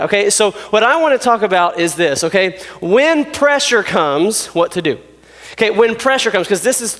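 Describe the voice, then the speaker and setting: High-voiced man talking in a reverberant hall. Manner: chatty, animated, laughs often, many "okay?" check-ins. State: out of breath. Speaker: youth speaker. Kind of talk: talk to a youth group.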